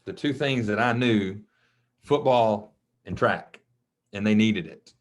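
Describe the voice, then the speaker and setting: A man, a coach from Mississippi, telling his story in a casual interview, animated, acting out the voices of people he quotes. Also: fairly low pitch, slow. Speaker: guest, track and football coach. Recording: dull lo-fi podcast audio.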